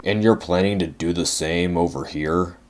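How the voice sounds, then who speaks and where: A man's voice: low voice, moderate pace, voice pushed down, lightly acted. A man voicing a sad, dignified large male express engine who speaks mournfully. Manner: mournful, huffy.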